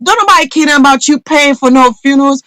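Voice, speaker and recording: A woman's voice: high voice, quick pace, pushed and bright, no echo, poor audio. A woman venting in a live audio discussion, heated and profane, repeating phrases for emphasis. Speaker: audience member in a live audio room. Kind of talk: impassioned call-in venting.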